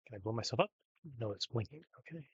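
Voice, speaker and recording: A man's voice: mid-range voice, lively intonation, fast, husky, no room sound, lo-fi sound. Rambling man narrating his game. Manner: rambling, hesitant, many ums and restarts. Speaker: gameplay streamer. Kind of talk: casual commentary over gameplay.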